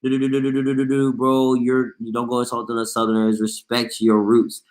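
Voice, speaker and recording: A man's voice: mid-range voice, fairly quick, echoey room. A man from Maryland hosting a sports show, chatting casually and arguing playfully with his viewers. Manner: animated, playful, argumentative banter. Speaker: sports show host reading chat. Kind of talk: casual live-stream chat.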